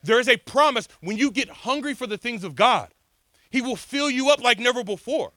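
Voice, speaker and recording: A man preaching a sermon at an outdoor beach service, telling his own testimony with passion and big swings in loudness. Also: very high voice, expressive, normal speed, no room sound.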